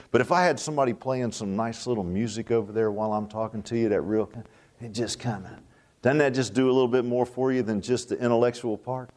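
A man's voice: medium pitch, a little fast, darkish tone. A man preaching a sermon in a folksy, repetitive way, often tossing out rhetorical "huh?" asides to the congregation. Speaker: pastor.

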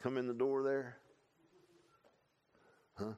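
An older man with a drawl delivers a sermon in an animated, folksy manner. His voice sits at an ordinary pitch. He swings between hushed, confiding asides and sudden loud bursts, with a lot of "huh?" and "man" thrown in. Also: takes it slowly, clean tone, muffled recording. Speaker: pastor.

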